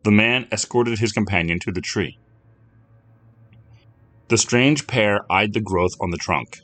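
A man giving scripted narration of a dark story in an expressive, storytelling manner. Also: fairly low pitch, a little slow, long pauses.

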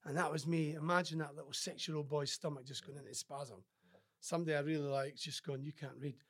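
A man's voice: a little high, steady tone, fast talker, a bit bright, husky. A man from Scotland, a former rugby player and podcast guest, chatting casually and telling stories. He acts out other people's lines and often restarts his sentences. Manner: frequent restarts and filler words. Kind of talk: casual interview storytelling.

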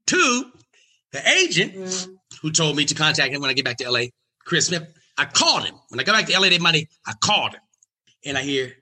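A male stand-up comedian telling an animated story, acting out the voices of the people in it. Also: on the high side, a little fast, husky. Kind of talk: storytelling on a talk show.

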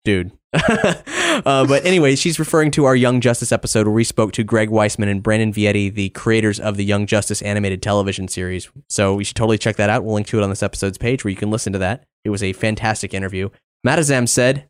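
A man's voice: fairly low pitch, fairly even intonation, fast talker. A man hosting a podcast, casually reading out donor thanks and messages in an upbeat way. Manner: upbeat, reads donor messages, laughs easily. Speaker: podcast host.

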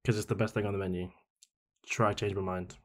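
A man chatting in a relaxed, easygoing way. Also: on the low side, a little fast. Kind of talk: casual podcast chat.

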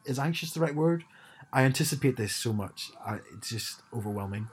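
A man's voice: medium pitch, animated, a little fast, breathy edge. A man co-hosting a casual chat podcast, talking hesitantly and often repeating words as he starts sentences. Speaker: podcast co-host.

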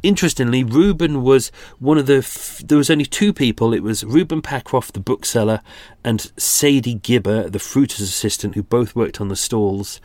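A man's voice: mid-range voice, normal speed, darkish tone, no echo. A man in his forties hosting a true-crime podcast, talking casually with many restarts and self-deprecating asides. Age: 40s. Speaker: podcast host.

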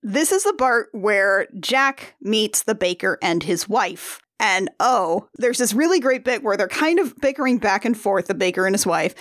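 A woman co-hosting a casual chat recapping a musical, animated and often acting out quoted lines with laughter. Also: medium pitch, no room sound, studio quality. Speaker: podcast co-host.

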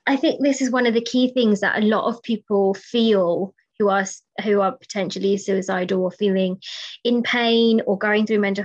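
A British woman hosting a podcast, speaking thoughtfully and with measured pauses and fillers. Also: medium pitch. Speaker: podcast host. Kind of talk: podcast conversation. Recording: dull lo-fi audio.

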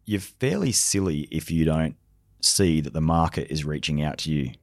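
A man's voice: rumbling low, animated, moderate pace, darkish tone, dry recording, clean studio sound. A middle-aged man from Australia, a former special forces soldier turned leadership consultant, telling anecdotes in a podcast conversation and acting out the dialogue he quotes.

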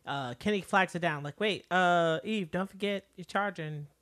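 A woman's voice: lowish voice, moderate pace, a bit bright. A woman co-hosting a podcast, retelling TV scenes in casual chat by quoting the characters, with fillers along the way. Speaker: podcast co-host.

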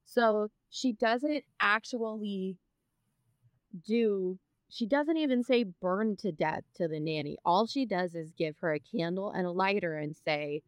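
A woman's voice: mid-range voice, a little slow, smooth, dry recording. A woman co-hosting a casual book discussion podcast, talking through chapters thoughtfully and reading passages aloud. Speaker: podcast co-host.

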